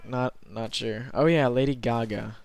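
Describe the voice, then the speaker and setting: A young man giving rambling, self-conscious gameplay commentary from his bed late at night, filling pauses with lots of ums. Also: medium pitch, steady tone, gravelly.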